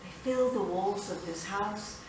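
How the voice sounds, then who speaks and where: An actress in a solo theatrical monologue, playing an older immigrant grandmother who tells her story with expressive, indignant energy, recorded from a distance in an echoey theater. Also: medium pitch, a little slow, background noise, lightly acted. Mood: recounting. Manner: expressive storytelling, switching between wistful and fiery. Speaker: solo stage performer. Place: theater stage.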